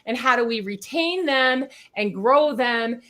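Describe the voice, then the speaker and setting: A middle-aged woman speaking as a podcast guest. Her voice sits a little high, and she talks with quick energy, punching her points and checking in with the listener as she goes. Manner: energetic, talks fast, peppers with "right?". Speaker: sales consultant guest. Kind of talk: podcast interview.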